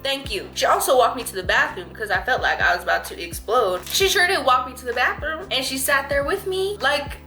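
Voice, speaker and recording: A woman's voice: on the high side, bright, forceful tone. A young adult woman chatting candidly to camera as a vlogger, laughing often. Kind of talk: casual chat to camera.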